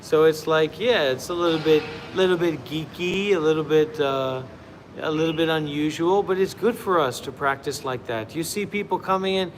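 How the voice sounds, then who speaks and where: A man with a fairly high voice gives a meditation teacher's livestream talk. His speech is casual and rambling, full of fillers and small restarts. A faint hum of background noise sits under the voice. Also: moderate pace, long reverb tail, rough recording. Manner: chatty, rambling, with many fillers.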